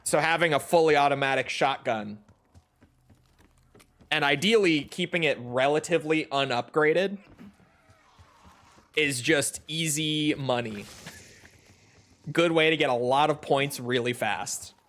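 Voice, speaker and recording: A man's voice: fairly high pitch, measured pace, pauses often, a bit bright. Chatty gamer man rambling over gameplay. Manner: rambling, chatty, self-correcting. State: has the hiccups. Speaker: gaming streamer. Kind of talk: casual gameplay commentary.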